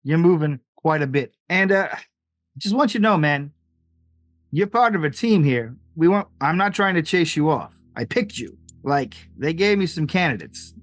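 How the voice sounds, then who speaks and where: Hombre haciendo de viejo gato superhéroe, relajado y cercano. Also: male voice, fairly high pitch, lively intonation, moderate pace, dry recording, lightly acted. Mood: encouraging. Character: old retired flying cat superhero, gruff and casual.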